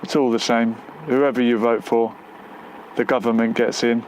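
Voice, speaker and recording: A man's voice: mid-range voice, little pitch movement, moderate pace, slight background noise, rough recording. Rambling man chatting on a live stream. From United Kingdom. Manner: rambling, musing aloud with frequent fillers. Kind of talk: casual live-stream chat, reading viewer comments. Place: outdoors near a road during a storm.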